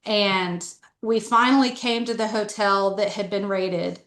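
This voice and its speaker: A woman's voice: mid-range voice, steady tone, a little slow, a bit bright, roomy sound. A middle-aged woman telling her story candidly as a podcast guest, talking earnestly with a lot of "like" fillers. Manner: earnest, conversational, frequent "like" fillers.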